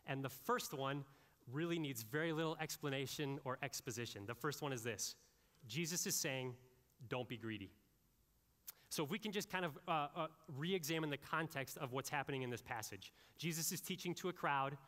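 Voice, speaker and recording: A male pastor preaching a sermon, with animated, conversational delivery and frequent asides to the congregation. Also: mid-range voice, moderate pace, long reverb tail.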